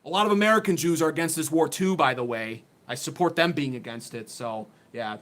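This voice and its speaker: A man's voice: a little high, a little fast, fairly bright tone. A man hosting a political livestream, sarcastic, worked up and blunt, swearing as he talks into a phone on a desk mount. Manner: sarcastic, riled up, blunt and profane. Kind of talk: heated political commentary livestream.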